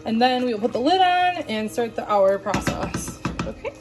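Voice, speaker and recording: A woman's voice: a little high, lively intonation, normal speed. Woman, middle-aged, casual cooking vlogger, chatty, talks to viewers, home kitchen, music underneath.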